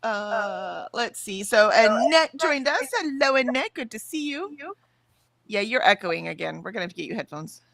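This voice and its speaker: A woman's voice: on the high side, expressive, normal speed, creaky, fairly bright tone. A woman with a Southern US accent, co-hosting a casual morning stream, reading chat messages aloud and laughing easily. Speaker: stream co-host. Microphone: headphones with mic.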